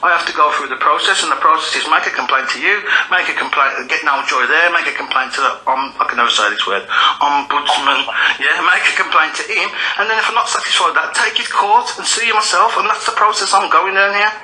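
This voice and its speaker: A man's voice: on the high side, fast, bright, forceful tone, reverberant. A man on a recorded phone call, shaken and angry, pressing a complaint and repeating himself insistently. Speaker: tenant making a complaint.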